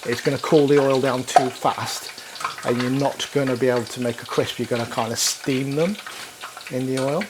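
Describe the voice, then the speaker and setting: A man's voice: medium pitch, steady tone, moderate pace, heavy background noise. A man hosting a casual cooking demonstration in a kitchen, chatty and upbeat, with easy laughter. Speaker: cooking show host.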